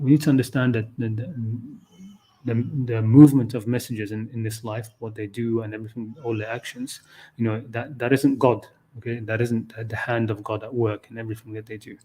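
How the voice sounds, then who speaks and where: A man's voice: medium pitch, mellow. A man giving an unscripted livestream talk on a scripture verse, thinking aloud with frequent restarts and "okay, you know". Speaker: Qur'an teacher.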